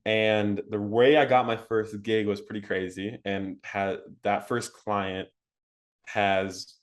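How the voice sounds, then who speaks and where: Young male interview guest with a lowish voice, casual and animated, lots of filler words. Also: slow. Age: young adult. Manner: animated, laughing, frequent fillers like "like" and "um".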